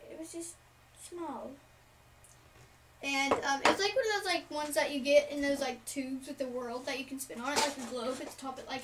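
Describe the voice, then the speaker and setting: Young woman storyteller, high voice, rambling, filler-heavy; recorded from a distance with noisy background. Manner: rambling, many fillers, side remarks. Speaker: storyteller vlogger. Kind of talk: casual story time. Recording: distant mic, noisy room.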